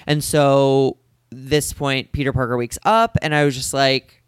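A man co-hosting a podcast, talking candidly and haltingly, leaning on "like" as he tells a personal story. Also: mid-range voice, steady tone, clear, resonant tone, no echo, clean studio sound. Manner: halting, heavy on filler "like", self-deprecating.

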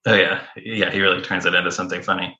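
A man's voice: low-pitched, flat delivery, fast talker, sharp tone, highs cut off. A man co-hosting an interview, asking long, rambling questions in a casual tone. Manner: eager, asks rambling questions. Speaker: podcast co-host.

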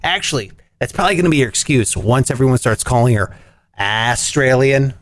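A man hosting a comedy news rant podcast, jokey and animated, swinging his voice up and down for punchlines. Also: medium pitch, brisk, no room sound, studio quality. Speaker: podcast host.

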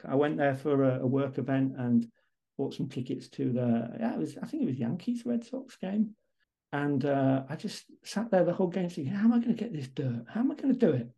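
A man talks casually as a podcast guest, with a mellow, darkish tone. His voice is husky with a gravelly edge. He speaks haltingly, restarting and repeating words as he goes. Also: fairly high pitch, rough recording. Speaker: interview guest, baseball photographer. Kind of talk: casual podcast interview chat.

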